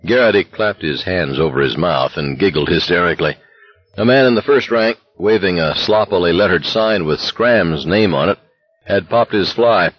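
A male narrator reads a novel in a steady, intense voice. His tone is very low and husky, with a dry, close sound. The recording itself is dull and lo-fi. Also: normal speed, no room sound. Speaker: audiobook narrator. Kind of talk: scripted narration.

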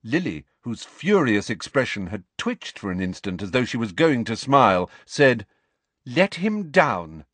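A man narrating an audiobook in an expressive, dramatic way. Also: fairly low pitch, normal speed, few pauses, no room sound.

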